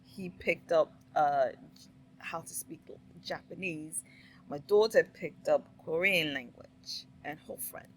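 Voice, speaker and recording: A middle-aged woman talks through a reaction clip in a slow, deliberate way. Her voice sits a little low. She is opinionated and fond of rhetorical questions. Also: a little hiss or hum, poor audio. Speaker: commentary vlogger. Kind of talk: casual reaction commentary.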